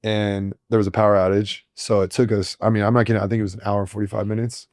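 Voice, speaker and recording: A man co-hosting a podcast, telling stories in a casual, animated, joking way. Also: lowish voice, fast talker, no room sound, studio quality. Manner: animated storyteller, joking and laughing. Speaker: podcast co-host. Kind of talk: casual chat.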